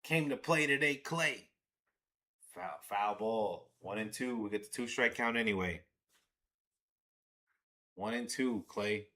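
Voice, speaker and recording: A man hosting a live baseball watch-along stream, excitable and swearing as he talks to his chat. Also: lowish voice, slow, long pauses. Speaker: livestream host.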